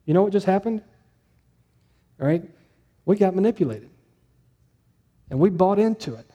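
A man's voice: high-pitched, animated, normal speed, mellow. A man preaching a sermon to his church, talking conversationally and asking the room questions. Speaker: pastor.

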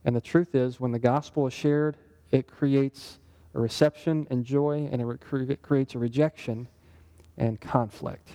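Unhurried and steady, a man with a medium-pitched, dark-toned voice teaches from the Bible. He keeps the sermon conversational and interactive by regularly questioning his listeners.

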